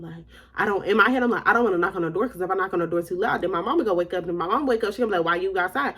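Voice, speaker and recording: A young woman vlogger telling a story in a casual, animated way, acting out the other people in it. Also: mid-range voice, racing, breathy edge. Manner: animated, acts out quoted voices.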